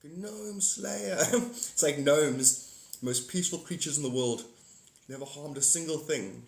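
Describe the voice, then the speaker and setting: A South African man in his forties hosts a casual livestream chat, rambling, repeating himself and greeting viewers by name. His voice is fairly high with vocal fry and a measured pace, and the sound is roomy.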